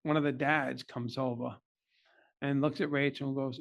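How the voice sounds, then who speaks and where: A man's voice: mid-range voice, steady tone, unhurried, creaky, muffled recording. A middle-aged man, a podcast guest, earnestly telling an emotional personal story in a candid interview.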